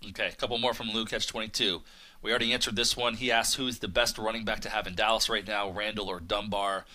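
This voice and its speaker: Sick, lowish-voiced male radio host. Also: steady tone, fast talker, pushed and bright. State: sick, coughing. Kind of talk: casual sports radio talk.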